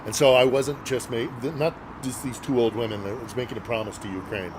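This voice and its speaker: A man's voice: medium pitch, fairly even intonation, a little fast, noisy background. A middle-aged man, a journalist guest, telling a story casually and earnestly, with many fillers and hesitations.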